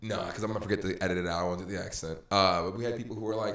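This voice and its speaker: A man hosting a casual podcast chat, rambling and animated, laughing often as he talks. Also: sits low, very fast, reverberant. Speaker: podcast host.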